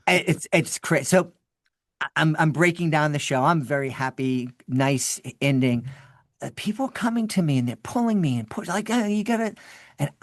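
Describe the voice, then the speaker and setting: A man telling stories as a podcast guest, animated, often restarting and repeating words. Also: on the high side, normal speed, no room sound, clean studio sound. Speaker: podcast guest, children's podcast creator. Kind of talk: storytelling in an interview.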